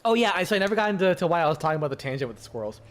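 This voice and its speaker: Rambling, excitable male streamer. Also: on the high side, racing, soft background music. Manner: rambling, filler-heavy, swears freely. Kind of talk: casual chat with stream viewers.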